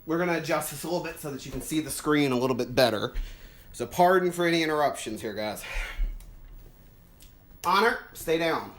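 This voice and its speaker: Middle-aged tech hobbyist vlogger, animated rise and fall, giddy thinking-aloud delivery. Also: medium pitch, fairly quick, long pauses, a little hiss or hum. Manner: excitable, thinks aloud, stumbles over words. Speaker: retro computer vlogger. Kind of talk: casual unboxing and setup commentary.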